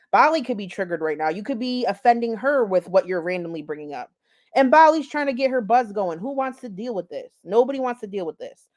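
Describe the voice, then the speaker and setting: A woman giving blunt, sarcastic reaction commentary on a clip, with frequent profanity. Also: a little high. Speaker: commentary YouTuber.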